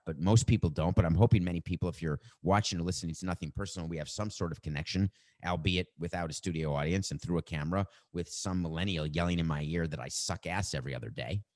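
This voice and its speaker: A middle-aged man hosting a sports show, delivering an opinionated monologue in an emphatic, wry way and drawing out words for effect. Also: low-pitched. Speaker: sports podcast host.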